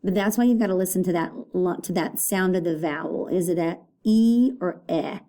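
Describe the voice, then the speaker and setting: A woman's voice: on the low side, steady tone, brisk, warm tone. A woman teaching an elementary phonics lesson, patiently saying each word aloud and repeating it for young children.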